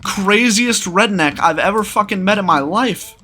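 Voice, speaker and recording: A man's voice: high voice, animated, normal speed, sharp tone. A young man telling a story in casual, rambling commentary, swearing constantly.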